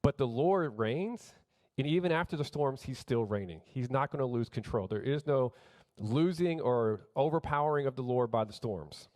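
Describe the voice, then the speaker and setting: A man preaching a sermon as pastor, emphatic, rising louder on key points and often restarting his phrases. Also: medium pitch, animated, normal speed.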